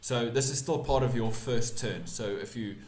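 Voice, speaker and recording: A man's voice: medium pitch, moderate pace, darkish tone, reverberant. A man running a tabletop game as game master, narrating combat with many restarts and self-corrections.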